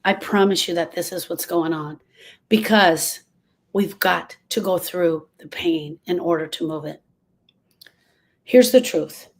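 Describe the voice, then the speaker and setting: A woman's voice: lowish voice, a little slow. A woman speaking to a live group about grief, with an earnest, emphatic manner. She acts out what other people say. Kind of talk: motivational talk to a live group. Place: room with a live audience.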